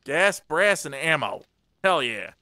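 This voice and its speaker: A man's voice: a little high, sing-song, takes it slowly, sharp tone, no echo. A man chatting casually and goofing around while playing a co-op game with a friend. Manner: goofy, joking. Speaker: gamer. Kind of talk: casual co-op gaming chat.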